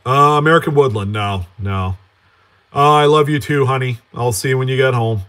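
A man hosting a coin collecting channel in a casual live-stream chat, greeting viewers by name and answering them in a relaxed, rambling way. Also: medium pitch, normal speed. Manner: chatty, reads out and answers viewer names; relaxed, with frequent fillers and self-corrections.

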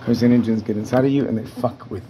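A man's voice: mid-range voice, steady tone, fast talker, noisy background. A man ranting in his apartment as a tenant, agitated and heavily profane, restarting and repeating himself. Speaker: tenant vlogger. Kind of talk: angry rambling rant. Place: apartment indoors.

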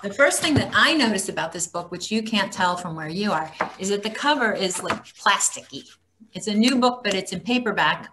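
A woman's voice: medium pitch, a bit bright, a little hiss or hum. A woman hosting a casual book talk for a small group, reading blurbs aloud with wry asides.

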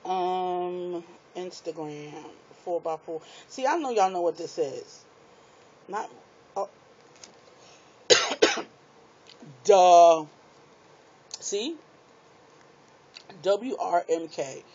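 Brief: excitable woman, slow-talking craft vlogger, recorded on a muffled tablet mic. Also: on the low side, slight background noise. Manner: chatty, excitable, laughs at herself. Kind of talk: casual unboxing chat to viewers. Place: small apartment room. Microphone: tablet microphone. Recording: dull lo-fi tablet audio.

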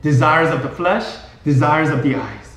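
A middle-aged male pastor preaching a sermon in a church, emphatic and repetitive, at times rising to shouts. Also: a little high, animated, moderate pace. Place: church sanctuary. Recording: very echoey hall.

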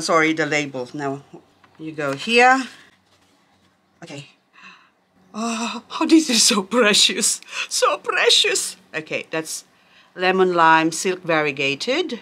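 Gushing, excitable woman plant vlogger. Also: lowish voice. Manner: excitable, gushing, frequent gasps and exclamations. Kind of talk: unboxing vlog. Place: outdoors in sunlight.

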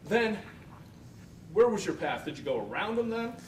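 A man's voice: sing-song, normal speed. A man questioning a witness in a courtroom cross-examination, leading him with short questions and frequent checks for agreement. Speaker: defense attorney. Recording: echoey room from far off, faint rumble.

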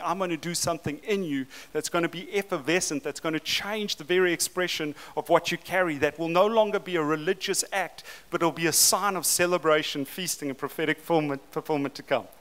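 An excited South African man preaches a sermon in a fairly high voice. He speeds up and slows down as he acts out quoted words with dramatic emphasis. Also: clear, resonant tone. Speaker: church leader speaking at a leadership forum.

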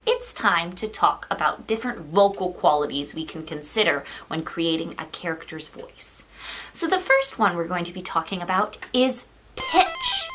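A woman teaching an online drama lesson for kids, talking in a playful, demonstrative way and sliding between high and low to show what a voice can do. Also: sing-song, moderate pace, a bit bright, soft background music.

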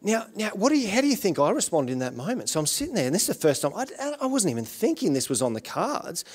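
Male guest preacher, Australian accent, conversational testimony with fillers, voice sitting a touch high. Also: sing-song, fast talker, breathy edge. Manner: conversational, earnest storytelling with frequent fillers. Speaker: guest pastor. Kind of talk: sermon with personal testimony. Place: church service.

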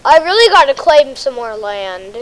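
Young woman gaming, high voice, excitable, a little sick, faint hiss. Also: moderate pace, rough recording. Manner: excited, bossy about the game. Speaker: gamer host. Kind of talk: casual game chat.

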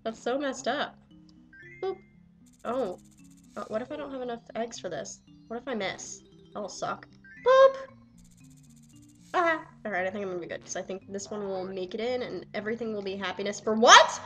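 A young woman swearing and yelling excitedly at the game she plays while commenting. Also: mid-range voice, fairly quick, soft background music. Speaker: let's player. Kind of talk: casual gameplay commentary.

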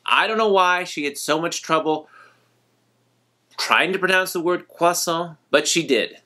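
A man hosting a vlog, telling a nostalgic personal story in a gentle, reflective way. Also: on the high side, a little slow. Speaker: vlog host.

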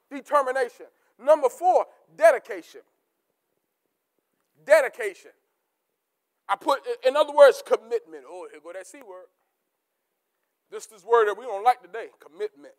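High-voiced preacher, bursts into shouts. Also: male voice, normal speed, long pauses. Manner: rising to shouts, then dropping to low asides; repeats key words for emphasis. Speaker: pastor. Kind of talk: sermon.

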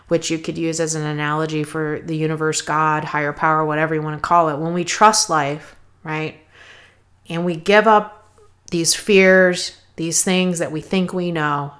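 A woman with a fairly low voice hosts a motivational podcast. She talks in a relaxed, conversational way and keeps checking in with the listener by asking "right?". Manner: conversational, frequent "right?" tags. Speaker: podcast host, health coach.

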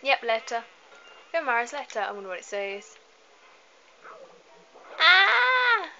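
Woman let's-player, rambly and apologetic, crisp bright tone, lo-fi home recording. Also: a little high, brisk. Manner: chatty, rambling, apologetic asides. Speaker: gameplay commentator. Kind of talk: casual let's-play commentary. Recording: slightly dull lo-fi home mic with faint hiss.

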